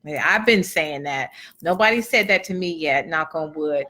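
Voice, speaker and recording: A woman's voice: low-pitched, lively intonation, normal speed, sharp tone. A middle-aged woman giving a chatty, earnest motivational talk to a live audience, repeating phrases for emphasis and reading out comments from viewers. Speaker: motivational speaker and event host.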